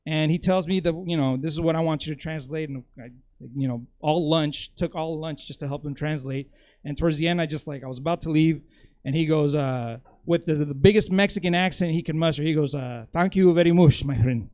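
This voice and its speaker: Man telling a stand-up story, slightly high. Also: a little mellow. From United States. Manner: casual, lots of "like" and "you know".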